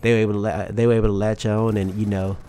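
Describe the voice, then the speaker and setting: Fast-talking and warm-toned, a young Southern man with a pronounced US twang keeps a level delivery in a voice on the low side. He comments on his gameplay for YouTube with candid, rambling, profane motivational talk. A little hiss or hum sits under the audio.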